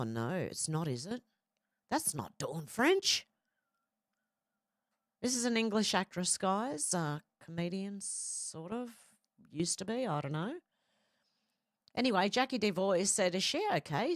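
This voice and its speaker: A woman's voice: mid-range voice, no room sound, studio quality. A woman hosting casual news commentary, rambling and exclaiming with the odd swear. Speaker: commentary host.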